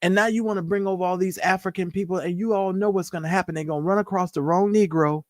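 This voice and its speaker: A woman co-hosting a casual talk show, telling stories with animated emphasis. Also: fairly low pitch, fast, dry recording, studio quality. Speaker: co-host. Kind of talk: casual chat.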